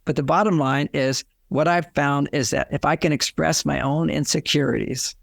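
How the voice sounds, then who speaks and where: A man's voice: fairly high pitch, steady tone, moderate pace, vocal fry, no echo, studio quality. An older man, a relationship author, giving advice in an interview and acting out the lines couples say. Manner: explanatory, acts out quoted lines.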